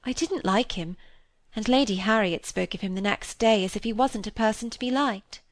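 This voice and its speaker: A woman reading an earnest, gentle young girl. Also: medium pitch, moderate pace, no echo, close to an everyday voice. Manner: grave, simple, earnest. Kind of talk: reading a classic novel aloud.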